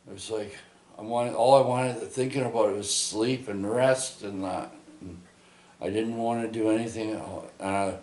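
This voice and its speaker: A man's voice: on the low side, steady tone, slow, long pauses, darkish tone. A man telling a rambling personal testimony, full of restarts and tag questions like "eh" and "right". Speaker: storyteller giving testimony. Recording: echoey room.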